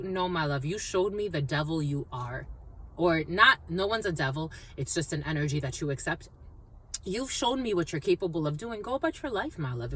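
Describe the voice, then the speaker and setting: A tarot reader with a husky voice, captured in poor audio, gives her viewers a casual spiritual reading. She talks freely and animatedly, her voice swooping high and dropping low as she repeats phrases and calls everyone "my lovies."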